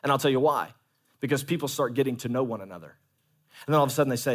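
A man preaching a sermon as pastor, animated, calling for amens and acting out quoted voices. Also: medium pitch, very fast.

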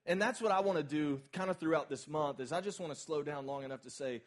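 A man's voice: fairly high pitch, fast talker, hardly any pauses. A male pastor preaching a sermon at a church service, talking in a conversational, emphatic way and putting questions straight to the congregation.

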